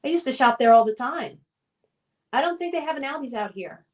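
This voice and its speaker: A woman hosts a casual livestream, reading her viewers' chat messages aloud and answering them. Her voice sits a little high, and she talks in a loose, friendly way. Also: animated, a little fast, a little mellow. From United States. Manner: chatty, reads chat names then responds. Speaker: streamer hosting a trivia game.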